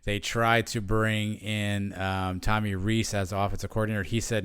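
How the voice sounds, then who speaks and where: A man co-hosts a sports podcast in a casual, chatty way, full of fillers and restarts. His voice is low and smooth. It sounds close and dry, with no room around it. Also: expressive, normal speed, few pauses, no echo. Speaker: podcast co-host.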